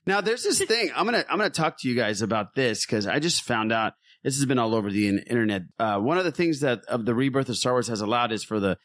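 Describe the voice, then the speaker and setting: A man's voice: mid-range voice, expressive, quick pace, hardly any pauses, a bit bright, no room sound, studio quality. A man hosting a podcast, chatting casually, laughing a lot and swearing. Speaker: podcast host. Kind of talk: casual chat.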